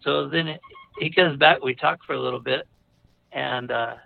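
A man's voice: mid-range voice, fairly even intonation, unhurried, vocal fry, phone-quality sound, a little hiss or hum. A man telling a personal story in a rambling, hesitant way, with fillers, restarts and nervous laughs. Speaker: storyteller recounting a personal experience. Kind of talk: casual confessional storytelling.

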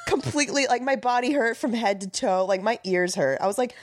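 A woman's voice: a little high, brisk, a little hiss or hum. A woman in her thirties, a stand-up comedian guesting on a podcast, telling candid stories in casual chat with lots of "like". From Florida, US. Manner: candid, storytelling, frequent "like".

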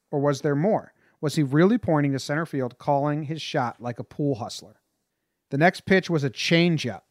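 A man's voice: fairly high pitch, dry recording, studio quality. A man reading a history passage aloud and breaking off into loose, casual comments as a podcast host.

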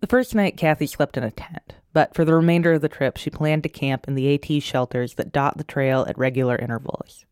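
A narrator gives scripted narration with a mid-range voice, keeping an even and measured tone. The delivery sounds like a produced audio story. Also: medium pitch, smooth, no room sound, clean studio sound.

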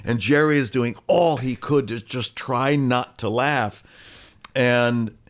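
A man in his sixties, an actor guest telling an animated anecdote and acting out other people's voices. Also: mid-range voice, slow. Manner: animated storyteller, acts out quoted voices. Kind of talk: conversational anecdote.

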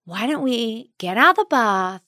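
A woman in her thirties with an Australian accent, co-hosting a podcast and telling a personal story in a casual, animated way. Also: on the high side, moderate pace, dry recording, clean studio sound. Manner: animated, acts out her own quoted words. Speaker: podcast co-host.

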